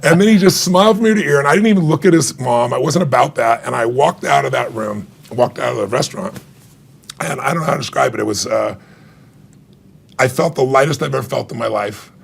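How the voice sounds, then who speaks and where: A middle-aged man, an author being interviewed, telling an emotional story with animated retold dialogue and frequent laughs. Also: medium pitch, brisk, creaky, slightly rough. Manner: animated, acts out quoted dialogue, laughs often. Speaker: author and guest.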